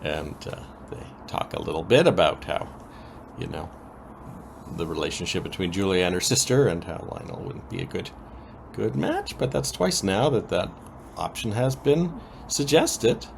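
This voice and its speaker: A man co-hosting a podcast, recapping soap opera episodes in a casual, animated way with frequent ums. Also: low voice, moderate pace, vocal fry, a little hiss or hum. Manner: lively, animated retelling with many ums.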